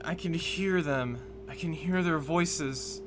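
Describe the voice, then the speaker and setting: A man's voice: sits high, fairly even intonation, takes it slowly, noisy background, voice pushed up. Man doing a stammering, frightened young mage girl. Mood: scared. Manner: stammering, unsure.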